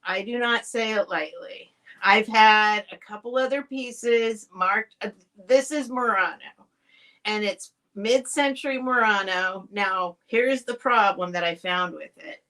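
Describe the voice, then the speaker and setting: An unhurried woman of medium pitch, her tone pushed and bright, sells vintage items on a live stream from home. She rambles in casual chat aimed right at viewers, frequently starting sentences over.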